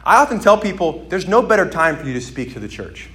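A man preaching a sermon, moving between quiet reflection and loud, emphatic exhortation. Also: high voice, sing-song, fast talker.

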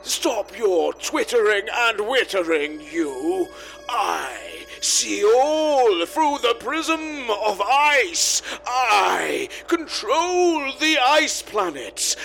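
A man's voice: very high-pitched, creaky, sharp tone, full character voice, rough recording. A man playing a ranting governor villain in a comic sketch, bellowing with theatrical menace. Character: ranting male ice-planet villain governor. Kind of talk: amateur comedy sketch acting.

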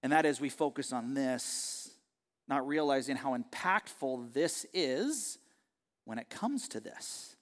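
A man pastor delivering a sermon, moving between loud emphatic preaching and quiet conversational asides. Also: mid-range voice, expressive, takes it slowly, in a large hall. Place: church auditorium.

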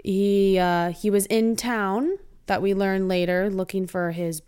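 A woman co-hosting a casual podcast, retelling a TV episode in an animated, laughing way. Her pitch sits in a middle range. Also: measured pace, smooth. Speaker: podcast co-host. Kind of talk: casual chat recapping a TV episode.

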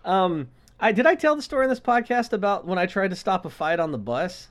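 A man co-hosting a podcast, telling a story in casual chat and acting out the characters' lines with lively voices. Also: high voice, fairly quick. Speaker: podcast co-host.

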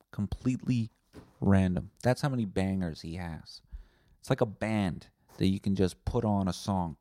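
A man hosts a solo podcast in a low voice, rambling from one thought to the next. His tone is warm and dark, and he swears bluntly. The recording is close and dry, with no room echo. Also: normal speed. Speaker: podcast host. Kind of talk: casual solo podcast monologue.

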